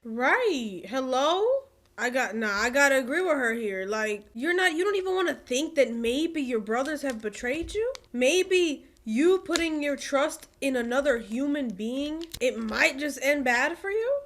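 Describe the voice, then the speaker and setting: A woman's voice: high-pitched, lively intonation, measured pace. A young woman hosting a reaction video, chatting casually and talking back to the screen. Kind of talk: casual film commentary.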